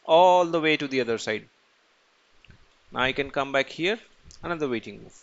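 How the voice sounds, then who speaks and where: A man's voice: mid-range voice, lively intonation, normal speed, muffled recording. A man teaching chess in a casual screen-recorded tutorial, asking and answering his own questions as he goes.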